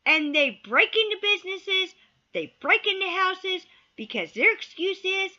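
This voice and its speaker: A woman rants to camera with a high, lively voice. Her tone is bright and sharp, and she hammers points home by repeating them. The audio is dull and lo-fi. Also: unhurried. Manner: emphatic, repeats key words, swears then apologizes. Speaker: vlogger. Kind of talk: heated opinion rant to camera.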